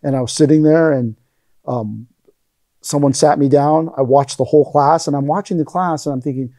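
Man telling stories in a warm, dry voice. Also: a little high, moderate pace, no echo. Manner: rambling anecdotes, acts out quoted lines. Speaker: interview guest, aikido teacher. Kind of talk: casual storytelling interview.

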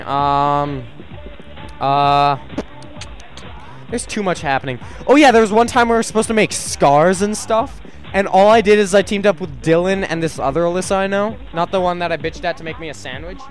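A man's voice: fairly high pitch, low-quality recording. A young man from Canada telling crude school stories in a rambling, casual way, laughing at himself. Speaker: livestreamer. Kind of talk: casual storytelling chat.

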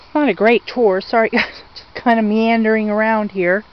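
A woman's voice: a little high, steady tone, moderate pace, dull audio. A woman giving a casual tour of her outdoor garden, chatting to viewers and gushing over her plants as she wanders. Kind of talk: casual meandering garden walk-through.

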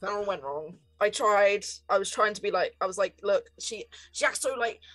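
A woman voicing an anxious, flustered teenage schoolgirl in a tabletop role-play, repeating herself in panicky rushes. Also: medium pitch, a bit bright, lightly acted, rough recording.

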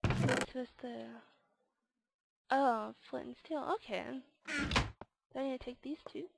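Casting: woman gamer, high voice with a gravelly edge, unhurried, mutters while playing, noisy home recording. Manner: quiet, muttering to herself, reads in-game signs aloud. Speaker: gamer playing a custom adventure map. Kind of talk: casual let's-play commentary.

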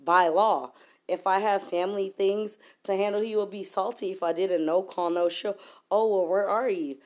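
A woman's voice: mid-range voice, steady tone, moderate pace, a little mellow. A woman venting in an angry, profanity-laced rant to camera, heated and emphatic. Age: adult. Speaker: vlogger.

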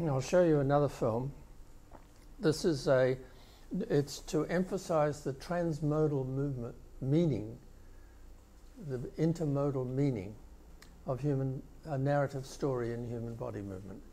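Older man, professor, keynote lecture, mellow tone, mid pitch, explanatory with restarts. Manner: explanatory, with pauses and restarts while showing video clips. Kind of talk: conference lecture.

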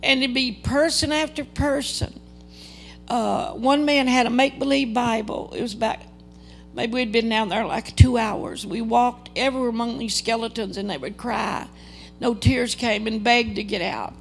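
A woman's voice: on the high side, steady tone, moderate pace, creaky, faint music behind. An older woman giving an earnest, dramatic testimony sermon at a church service, acting out quoted dialogue as she tells the story. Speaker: guest preacher.

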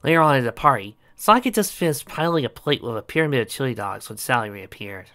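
A man narrating a fan-made story, reading aloud with animated delivery. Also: medium pitch, fast talker.

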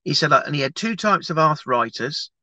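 A man's voice: fairly high pitch, brisk, no room sound, low-quality recording. A man, talking casually and animatedly as an evangelist, teaching and praying on a livestream with many restarts. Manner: animated, chatty, rambling with restarts.

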